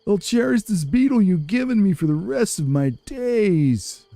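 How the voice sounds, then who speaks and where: Giddy male beetle merchant, squeaky and thrilled, as a game streamer puts him on; comic video game bit. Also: expressive, measured pace, gravelly, mellow, no echo, soft background music, heavily acted. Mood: delighted. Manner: gushing, overjoyed thanks.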